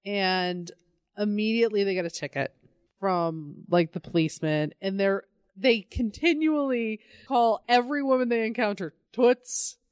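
A woman's voice: medium pitch, a little slow, clean tone, no echo, clean studio sound. A woman co-hosting a podcast, chatting casually about a comic book, sarcastic and laughing often as she acts out the characters. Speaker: podcast co-host.

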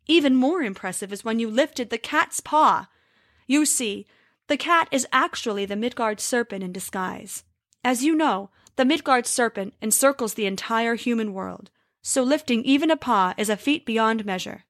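A woman voicing a male giant who calmly explains his tricks in a storybook tale. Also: fairly high pitch, moderate pace, no room sound, clean studio sound, lightly acted. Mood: explaining. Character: huge cheerful male giant.

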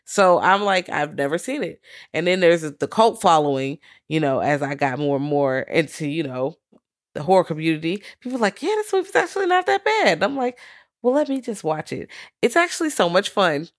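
A woman's voice: deep voice, lively intonation, normal speed. A woman co-hosting a casual horror movie chat, emphatic and defiant. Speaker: podcast co-host.

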